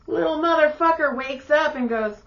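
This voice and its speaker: A woman in her thirties co-hosting a podcast, telling stories in a lively, profane way and acting out the people she quotes. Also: high-pitched, moderate pace, dull audio. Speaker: podcast co-host. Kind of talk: casual storytelling chat.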